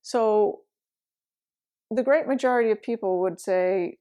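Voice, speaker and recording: A woman's voice: medium pitch, unhurried, mellow. A middle-aged woman, a meditation teacher, telling a personal story in a candid, reflective way, laughing now and then. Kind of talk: storytelling talk.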